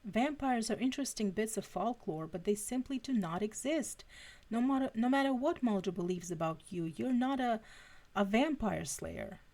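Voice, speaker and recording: A cool, skeptical female FBI agent who speaks firmly and in clipped phrases, as a woman reads her. She stays level and unconvinced throughout. Her voice carries a gravelly fry. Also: fairly high pitch, expressive, normal speed, darkish tone, pitched above the performer's own voice.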